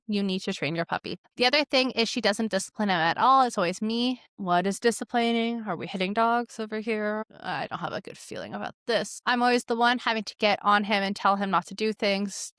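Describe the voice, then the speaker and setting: A woman's voice: medium pitch, fairly bright tone, no room sound. Chatty woman dog trainer, dry sound. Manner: chatty, frequent "like", amused asides. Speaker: dog trainer and podcast host. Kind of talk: casual commentary reading online posts.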